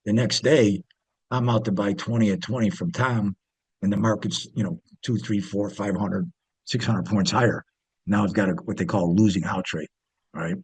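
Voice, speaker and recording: An interview guest who used to be a pit trader tells stories casually, rambling with lots of fillers and restarts. His voice sits on the low side, steady in tone with a breathy edge, at normal speed, in a dry recording.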